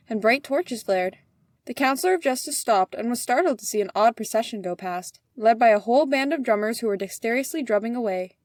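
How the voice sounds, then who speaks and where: A woman's voice: a little high, a little mellow, no room sound, clean studio sound. A woman reading an old fairy tale aloud as a storyteller.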